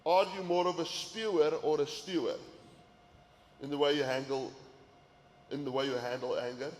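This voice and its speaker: A man's voice: mid-range voice, fairly even intonation, normal speed. A man giving an earnest sermon-style talk to men, often repeating words as he pushes a point. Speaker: men's ministry teacher. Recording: echoey hall with faint ambience.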